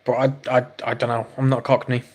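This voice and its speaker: A man's voice: mid-range voice, completely flat delivery, fast, a little mellow. A man from England hosting a casual livestream, reading chat comments aloud and joking with viewers. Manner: chatty, joking, reacts to chat messages. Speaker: livestream host.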